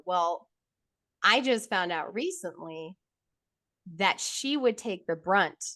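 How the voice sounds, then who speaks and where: A woman in her thirties recounts her own story in frank conversation, blunt and foul-mouthed, livening up whenever she quotes other people. Her voice sits in the mid-range, she speaks slowly, and there's no room sound.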